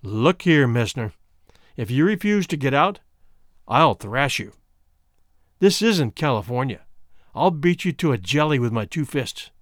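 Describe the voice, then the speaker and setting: Male narrator doing a blunt, commanding frontier man, lively pitch, dry sound. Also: normal speed, no room sound, lightly acted. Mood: grim. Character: grim, forceful man defending a sick woman.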